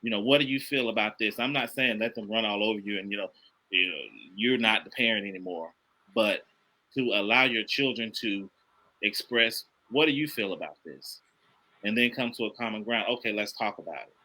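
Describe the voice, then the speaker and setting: A middle-aged man with a very bright, forceful voice talks with earnest, sermon-like emphasis. He repeats his points and builds steadily from one to the next. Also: on the low side, a little fast, rough recording. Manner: earnest, preachy, emphatic repetition. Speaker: podcast guest, father. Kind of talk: casual conversation.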